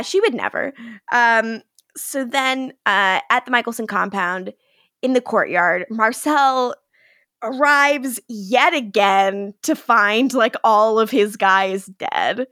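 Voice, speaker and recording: Lively woman recapping with playful voices. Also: a little high, dry recording, clean studio sound. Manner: retells scenes acting out characters' lines in quick impressions; lots of "like" fillers, laughing. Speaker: podcast co-host. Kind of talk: casual recap chat.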